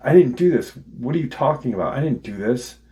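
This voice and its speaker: A man's voice: medium pitch, lively intonation, brisk, warm tone, voice pushed up, close to an everyday voice. A man voicing a frantic young man who insists, repeating himself, within a spoken story. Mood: insistent.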